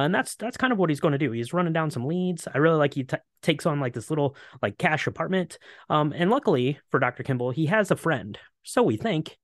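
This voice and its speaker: A man co-hosting a casual podcast, recapping a film plot in a relaxed way with many ums. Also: a little high, no echo, clean studio sound. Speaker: podcast co-host.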